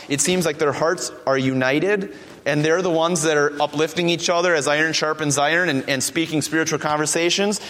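Preacher, male, high voice, emphatic sermon delivery, long church-hall reverb. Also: fairly bright tone. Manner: emphatic, slows down to stress key words.

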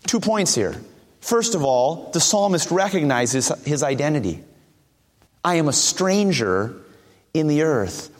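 A man preaching a sermon, asking earnest rhetorical questions and reading scripture slowly. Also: a little high, very animated, big-room sound.

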